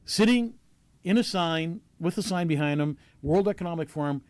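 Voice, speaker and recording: A Canadian man hosting a talk show asks earnest questions in a casual discussion, with many fillers and restarts. His voice is a little high with a darkish tone, at normal speed, in a dry recording.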